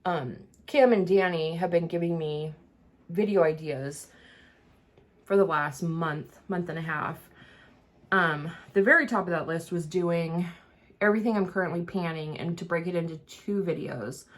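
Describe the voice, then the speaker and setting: This woman's voice is on the low side and a little slow as she vlogs while getting ready. It's a casual, rambling chat full of fillers and restarts, and her words come out with some difficulty in enunciation.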